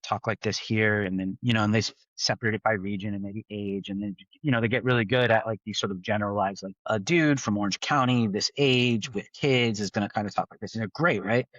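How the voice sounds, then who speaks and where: A man's voice: lowish voice, fast talker, few pauses, a bit bright, no room sound. Podcast guest, man from the East Bay, rambly with "right?" tags, dry dull audio. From East Bay, California. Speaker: tech founder guest. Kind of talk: casual podcast conversation.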